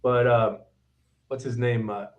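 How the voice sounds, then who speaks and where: A man's voice: medium pitch, unhurried, muffled recording. Profane middle-aged man telling kitchen stories. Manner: profane, animated, acts out quoted chefs. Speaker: guest chef. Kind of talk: casual kitchen storytelling.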